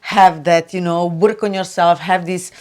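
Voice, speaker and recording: A woman hosting a spiritual video, talking loosely and chattily with lots of "you know" and "like", turning soft and hushed for advice. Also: fairly low pitch, fairly even intonation, a little slow. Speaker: spiritual channel host. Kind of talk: casual spiritual talk to camera.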